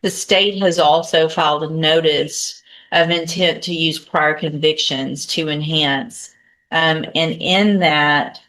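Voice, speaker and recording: A low-pitched woman serving as judge, speaking in a courtroom. She reads formal charges and asks plea questions in a methodical, procedural manner. She pauses to think aloud while working through her papers. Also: a bit bright.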